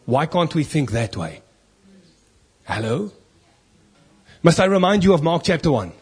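A man's voice: fairly high pitch, very animated, measured pace, darkish tone, husky. A man preaching a sermon in church, emphatic, asking rhetorical questions and reading scripture aloud.

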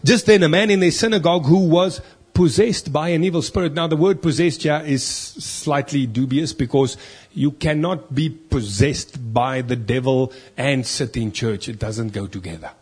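A man delivers a sermon with emphatic conviction, firing rhetorical questions at his listeners and reading scripture aloud. His voice sits a little high and carries a husky, breathy edge. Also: normal speed, darkish tone. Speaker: preacher.

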